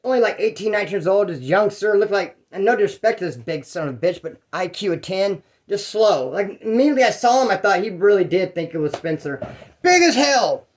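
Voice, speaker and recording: A man's voice: sits high, animated, fairly quick. A man from California telling his own prison stories in a rambling, slangy, profane way. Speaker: prison storyteller. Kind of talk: casual storytelling.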